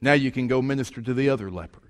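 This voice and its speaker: Folksy preacher in reverberant church. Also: male voice, mid-range voice, rapid-fire. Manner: folksy and conversational, with rhetorical questions. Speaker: pastor. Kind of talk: storytelling sermon. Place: church sanctuary. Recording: long church hall reverb.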